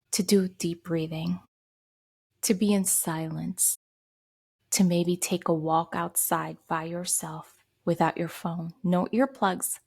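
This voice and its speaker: Husky gravelly woman sharing heartfelt advice. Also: fairly low pitch. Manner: heartfelt, speaks of grief and gently advises. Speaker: podcast host. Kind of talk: personal self-care talk.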